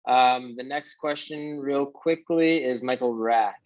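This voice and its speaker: A man hosting an online comedy class, reading out the students' questions with many halting fillers. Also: medium pitch, a little mellow, lo-fi sound. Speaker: class host.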